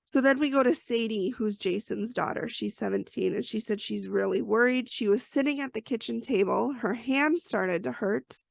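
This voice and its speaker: A woman's voice: fairly high pitch, normal speed, vocal fry, few pauses, no echo. A woman hosting a podcast, recapping an episode in a chatty, storytelling way with personal asides. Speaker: podcast host.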